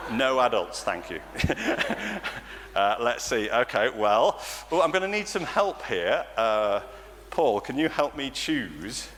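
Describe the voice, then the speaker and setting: A man with an English accent leading an all-age church talk for children, animated and playful, often laughing. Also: medium pitch. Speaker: church leader. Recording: church reverb with faint noise.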